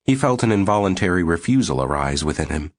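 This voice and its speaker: A man reading a science fiction novel aloud as an audiobook narrator, steady and even. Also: deep voice, fast. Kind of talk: scripted narration.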